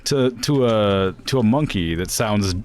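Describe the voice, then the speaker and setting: A man's voice: on the low side, lively intonation, unhurried, a little mellow. A man streaming a game, chatting casually and answering his chat with frequent laughs.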